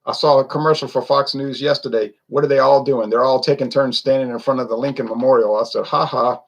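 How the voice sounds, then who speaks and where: A man's voice: medium pitch, steady tone, fast talker, lo-fi sound. A man ranting in a casual monologue, opinionated and rambling, full of rhetorical questions. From United States. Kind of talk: casual rant to camera.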